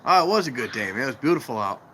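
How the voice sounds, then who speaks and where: A man's voice: medium pitch, very animated, rapid-fire, fairly bright tone, a little hiss or hum, rough recording. A man in a casual live-stream chat, rambling to his viewers as he wanders around outdoors near a train station. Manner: rambling, talks to viewers while walking about. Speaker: vlogger.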